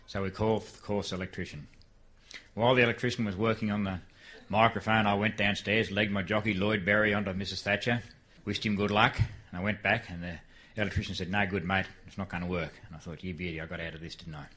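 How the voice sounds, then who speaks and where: A man's voice: lowish voice, fairly even intonation, brisk. An older Australian man telling a live story to an audience in a folksy, easygoing way. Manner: folksy, shifts into a frantic shouted race call. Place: live venue before an audience.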